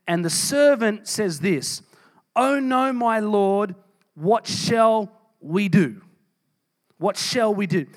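A man's voice: sits high, fairly bright tone. A man preaching a sermon, reading scripture and speaking with strong emphasis. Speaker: pastor.

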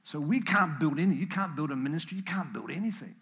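A man preaching a sermon, earnest and emotional, at times close to tears, building up to animated emphasis. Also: fairly high pitch, fast. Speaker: pastor.

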